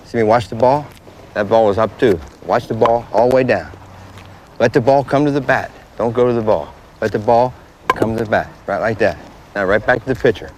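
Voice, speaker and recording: A man coaching children on a baseball field, giving plain, repetitive instructions. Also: medium pitch. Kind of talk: outdoor coaching demonstration. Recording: faint background noise from a 1980s tape.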